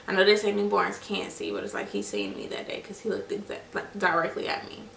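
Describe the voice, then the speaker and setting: A woman's voice: mid-range voice, very animated, brisk, vocal fry, fairly bright tone, a little hiss or hum. A young woman vlogger telling a personal story in a casual, chatty way, talking to her viewers while settling a baby at home. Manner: chatty, addresses viewers as "you guys" and "y'all"; acts out voices in her stories. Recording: echoey room, mic at a distance.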